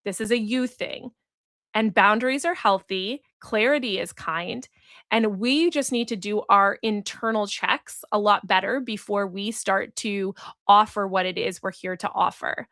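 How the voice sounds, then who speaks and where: A woman's voice: medium pitch, measured pace, a bit bright, no echo. Earnest woman podcaster, dry close sound. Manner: earnest, reflective storytelling, acts out quoted voices. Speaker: podcast host and business coach. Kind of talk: solo podcast monologue.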